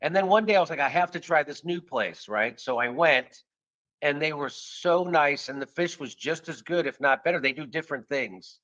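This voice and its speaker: A man hosting a podcast, telling stories in a casual, animated and profane way, acting out the dialogue. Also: fairly high pitch, normal speed, dull audio. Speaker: podcast host. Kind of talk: casual storytelling chat.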